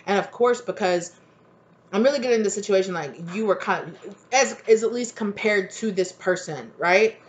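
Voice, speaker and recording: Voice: mid-range voice, normal speed. A tarot reader giving a casual, rambling reading, repeating phrases and leaning on "like" and "right?". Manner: rambling, repetitive, full of "like" and "right?".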